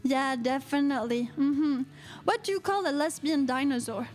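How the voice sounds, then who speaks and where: A French-Canadian woman from Quebec with a Quebec French accent, hosting a live-streamed internet radio chat show in a playful, theatrical way, filling pauses with uh-huh and mm-hmm while reading viewer comments. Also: high-pitched, darkish tone, faint music behind. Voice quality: playful, theatrical, lots of uh-huhs and mm-hmms.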